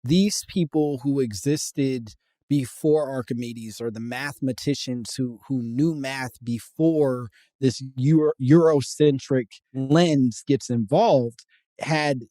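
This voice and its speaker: A man's voice: mid-range voice, takes it slowly, dry recording. Joking male podcast host, dry sound. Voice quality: loose, joking, bursts of loud laughter. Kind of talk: casual podcast chat.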